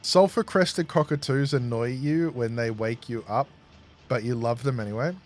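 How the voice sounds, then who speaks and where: An Australian gaming streamer with a mid-range voice chats casually at a moderate pace while he plays, telling rambling stories to his live audience and laughing at them himself. Soft music plays in the background.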